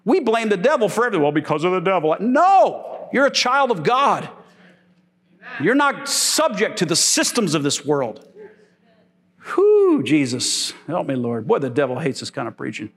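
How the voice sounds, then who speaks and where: A middle-aged man preaching a sermon, animated and joking, with sudden high exclamations and laughter. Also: moderate pace, husky.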